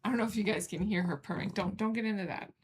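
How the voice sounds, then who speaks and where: A woman's voice: mid-range voice, quick pace, background noise. A woman in a casual home vlog, talking to her cat in a playful, scolding and cooing way while she sews. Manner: playful baby-talk to a pet, scolding and cooing. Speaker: cosplay sewing vlogger. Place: home sewing room.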